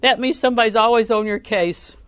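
A woman's voice: on the high side, a little fast, no room sound. Folksy woman preacher. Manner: folksy, humorous, chuckles often, bursts into loud acted exclamations. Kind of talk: sermon.

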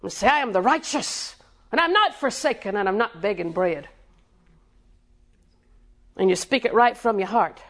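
A woman's voice: mid-range voice, expressive, moderate pace, long pauses. A woman preaching a sermon with rhythmic repetition, quizzing her congregation and chuckling between points.

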